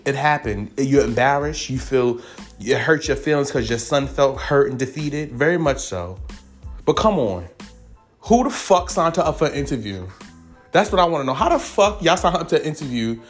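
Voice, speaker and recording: A man delivering casual celebrity gossip commentary in a lively, swooping voice that jumps high for emphasis. He talks in an animated, profane way at a middling pitch. Faint music plays softly behind him. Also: normal speed. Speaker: commentary vlogger.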